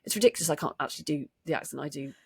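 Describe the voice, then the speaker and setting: A woman's voice: low voice, very fast, gravelly, darkish tone, breathy edge, dry recording. Woman co-host in dry, casual chat. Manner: hesitant, full of restarts while explaining accents. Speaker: podcast co-host.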